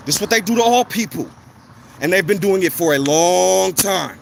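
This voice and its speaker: Man, blunt profane vlog rant, high-pitched; outdoor recording with heavy traffic noise. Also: normal speed, creaky. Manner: blunt, heated, profane ranting. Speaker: vlogger. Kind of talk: walking vlog monologue. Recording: outdoor street noise, passing cars.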